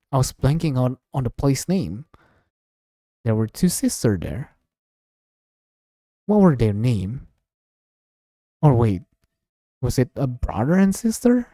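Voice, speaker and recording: A man reads a visual novel's text aloud for his stream, taking his time over each line. His pitch swings widely as he shifts between narration and the characters. The tone is soft and mellow, and the sound is close and dry. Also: dry recording. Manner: slow, expressive reading, voicing several characters. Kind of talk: dramatic read-aloud of game text.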